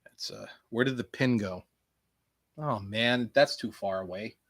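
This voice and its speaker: A man hosting a casual solo podcast, rambling and sarcastic, swinging between low mutters and loud outbursts. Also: a little slow, no room sound. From Canada. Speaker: podcast host previewing wrestling shows.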